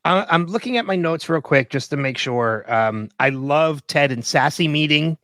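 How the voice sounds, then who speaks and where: A man's voice: fairly high pitch, lively intonation, normal speed, fairly bright tone, dry recording. Rambling male podcast co-host, dry mic. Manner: rambling, filler-heavy, laughs often. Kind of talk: casual podcast discussion.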